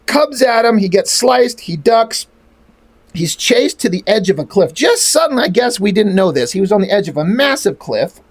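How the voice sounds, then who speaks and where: A man's voice: high voice, very animated, moderate pace. A man reading through a comic aloud and mocking it with sarcastic, rambling, profane asides. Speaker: comic reviewer.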